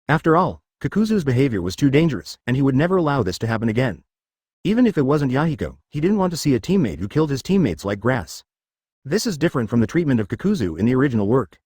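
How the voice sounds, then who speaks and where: A synthetic-sounding male voice reading audiobook narration with an even, steady delivery. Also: mid-range voice, fast, slightly rough, dry recording, studio quality.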